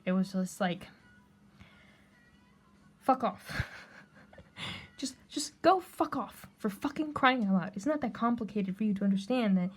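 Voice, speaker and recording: A woman's voice: mid-range voice, animated, moderate pace, pauses often, faint music behind. A woman telling a personal story in a blunt, heated, profane rant, speaking straight to the camera. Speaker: vlogger.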